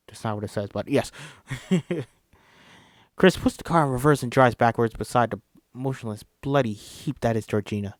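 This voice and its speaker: Man reading a screenplay casually, mid pitch, stumbling and self-correcting, dry sound. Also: normal speed, no room sound. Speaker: script reader.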